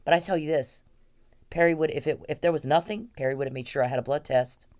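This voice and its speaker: A woman delivering an angry, profane monologue in a forceful, ranting manner. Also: low-pitched, fast talker. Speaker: complainant.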